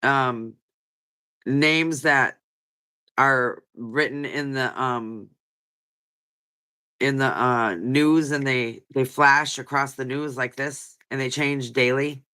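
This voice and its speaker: A woman's voice: rumbling low, fairly even intonation, slow, long pauses, sharp tone, clear, resonant tone. A woman hosting a live chat stream, talking in an earnest, rambling, emotional way with a stuffy nose from crying. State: stuffy-nosed after crying. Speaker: livestream host. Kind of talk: casual live chat reading comments.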